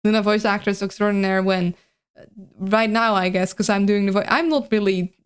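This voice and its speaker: Hoarse, joking woman streamer. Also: medium pitch, a little fast. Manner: crude, joking, self-deprecating. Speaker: streamer reading a game aloud. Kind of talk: casual chat.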